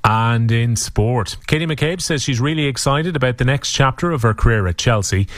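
Irish male sports reader, steady and clipped, mid pitch, dry studio. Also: moderate pace, dry recording. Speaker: sports newsreader. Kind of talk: scripted sports bulletin.

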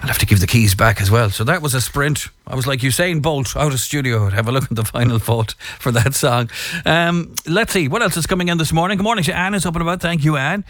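A man with an Irish accent presenting morning radio, chatting to listeners and reading sports headlines in a brisk, upbeat way. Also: mid-range voice, a bit bright, dry recording. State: out of breath.

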